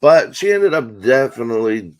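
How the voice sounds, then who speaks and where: A middle-aged man telling a long comic story on a talk show, swearing freely and acting out quotes in a deadpan way. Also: mid-range voice, moderate pace. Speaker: comedian guest. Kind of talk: profane storytelling.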